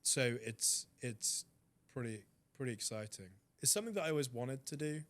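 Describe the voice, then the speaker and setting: A man's voice: mid-range voice, moderate pace. Chatty English man. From Britain. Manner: animated storyteller. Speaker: interview guest. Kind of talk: casual chat.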